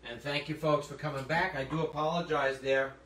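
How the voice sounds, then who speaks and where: A man's voice: a little high, fairly even intonation, brisk, fairly bright tone, a little hiss or hum. A man giving a live cooking demonstration in a kitchen, talking the audience through each step as he cooks. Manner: chatty, explains steps as he cooks. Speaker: cooking instructor. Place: hot kitchen. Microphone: phone streaming to a remote audience. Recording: echoey room, voice from a distance.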